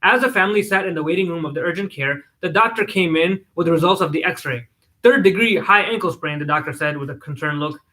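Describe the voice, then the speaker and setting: A man reading a children's story aloud in an animated way. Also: a little high, fast, few pauses. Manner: animated, giggly at times.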